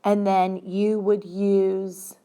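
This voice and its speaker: A woman's voice: mid-range voice, level tone, drawn-out words, mellow, clean tone. A woman teacher giving a grammar lesson, explaining step by step and stressing single words.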